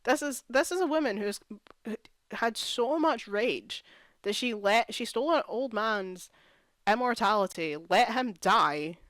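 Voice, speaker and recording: A woman's voice: a little high, expressive, unhurried, a bit bright, no room sound. A young woman vlogger casually reviewing a TV series, ranting in exasperation and saying "like" a lot. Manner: exasperated, ranting, heavy use of "like". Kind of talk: casual chat.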